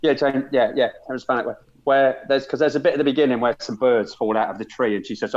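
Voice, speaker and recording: A man's voice: medium pitch, steady tone, fast. A man, a podcast guest, rambling through anecdotes with many restarts. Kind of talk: casual chat. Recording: dull lo-fi sound.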